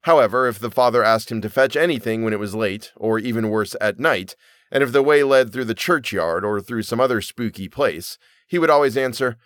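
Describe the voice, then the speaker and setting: Guy reading an old fairy tale out loud, lively ups and downs, dry close mic. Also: medium pitch, moderate pace, dry recording. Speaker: narrator. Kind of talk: storybook reading.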